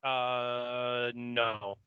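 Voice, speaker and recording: A man co-hosting a podcast, explaining details and chiming in with quick agreement. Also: mid-range voice, little pitch movement, smooth, no echo. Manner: quick agreeing interjections, laughs along. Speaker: podcast co-host. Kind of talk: casual episode recap. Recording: muffled lo-fi mic.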